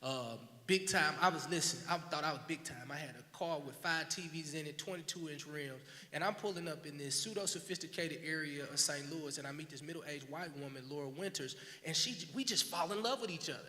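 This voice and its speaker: A man, a filmmaker guest, telling his story in an animated, slangy and earnest way on a panel at a live event. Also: fairly high pitch, fairly quick, hardly any pauses. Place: large hall at a live event. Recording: reverberant hall, faint hiss.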